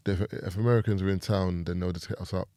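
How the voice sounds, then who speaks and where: A man's voice: low-pitched, steady tone, quick pace, warm tone, dry recording, studio quality. A British man in casual podcast chat, talking loosely with lots of fillers. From United Kingdom. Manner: loose, rambling, many fillers. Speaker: podcast guest.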